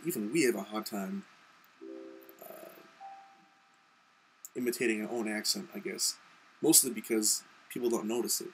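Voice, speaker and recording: A man's voice: fairly low pitch, a little slow, long pauses, slight background noise, poor audio. A young man from Montana talking casually to his camera in a reply vlog, rambling with lots of ums and you-knows. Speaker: video blogger.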